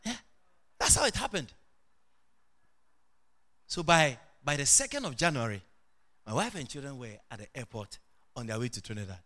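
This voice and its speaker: A middle-aged man preaching a sermon as pastor, animated, with sudden shouted and sing-song rises. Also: mid-range voice, moderate pace, long pauses.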